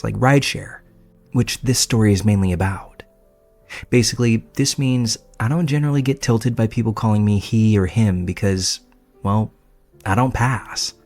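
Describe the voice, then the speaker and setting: A man's voice: mid-range voice, darkish tone. Man narrating a horror story. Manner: measured storytelling, casual profanity. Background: faint music.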